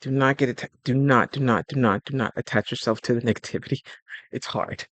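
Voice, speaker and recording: A man's voice: mid-range voice, steady tone, quick pace, fairly bright tone, dry recording. A man hosting a casual advice talk on relationships, speaking in a loose, colloquial way and acting out little scenes. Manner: chatty, acts out little scenes in quoted voices.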